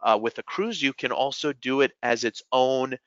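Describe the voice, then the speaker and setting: Presenter, man, New England accent, bright forceful voice, dry slightly dull audio, eager sales pitch. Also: moderate pace, no room sound. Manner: enthusiastic, upbeat salesman addressing "everyone". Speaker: webinar presenter. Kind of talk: live sales webinar presentation.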